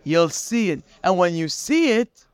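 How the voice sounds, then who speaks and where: A man giving a daily morning Torah class, telling the story in an animated way and dropping in Hebrew terms. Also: sits high, measured pace, clear, resonant tone, dry recording. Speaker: Torah teacher.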